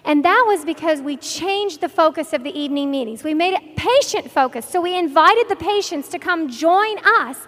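Brief: very high-pitched woman, earnest and enthusiastic, hall reverb. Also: lively intonation, normal speed, hardly any pauses, a bit bright. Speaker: guest doctor. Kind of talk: conversational ministry testimony.

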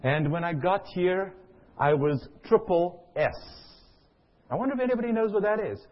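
A man's voice: sits high, expressive, normal speed, muffled recording. A middle-aged man from Africa, preaching a sermon and telling a personal story, often putting questions to the audience. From South Africa.

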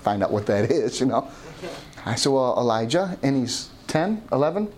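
A man's voice: medium pitch, big pitch swings, normal speed, darkish tone, a little hiss or hum. A middle-aged man preaching a sermon as pastor, often calling out "Amen?" to the congregation. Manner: call-and-response preaching, asking "Amen?".

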